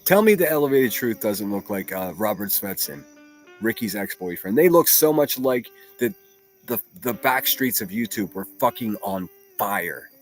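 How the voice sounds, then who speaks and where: A man riffs through a solo stream in a blunt, swearing, mocking way, talking somewhat low in his range. Faint music sits underneath his casual reaction commentary. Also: animated, normal speed. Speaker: livestream commentary host.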